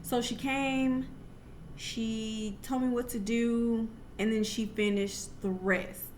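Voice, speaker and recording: A woman's voice: fairly high pitch, fairly even intonation, slow, darkish tone, a little hiss or hum. A young adult woman telling a personal story to camera in a casual, chatty way, full of asides and restarts. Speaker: vlogger.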